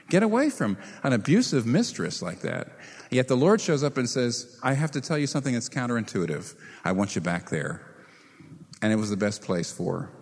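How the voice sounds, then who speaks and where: A man preaching a sermon as pastor, animated, asking his listeners rhetorical questions. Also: mid-range voice. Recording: reverberant hall.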